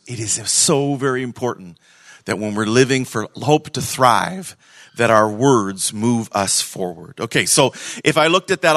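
A man preaching a sermon to a church congregation, conversational and animated, swinging between loud emphasis and hushed moments. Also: mid-range voice, no room sound. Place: church service.

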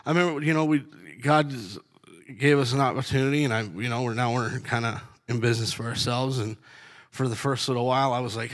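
A man's voice: mid-range voice, fairly even intonation, fairly quick, a bit bright. A middle-aged man with a blunt, laughing storytelling manner, giving a casual faith testimony about life as a truck driver. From Canada.

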